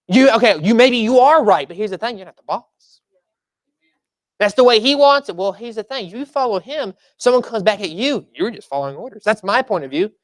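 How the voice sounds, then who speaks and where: Preacher at a church service, mid-pitched, talks through the sermon like a story and leans on repeated lines; dry, close recording. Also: animated, fairly quick, no room sound. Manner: conversational storytelling, emphatic repeated phrases.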